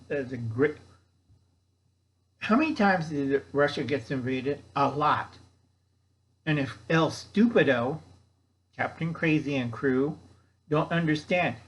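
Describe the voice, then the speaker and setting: An older man hosting his own channel, rambling through a sarcastic, scattered rant while eating a meal at home. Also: on the high side. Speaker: YouTube channel host. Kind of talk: rambling casual monologue.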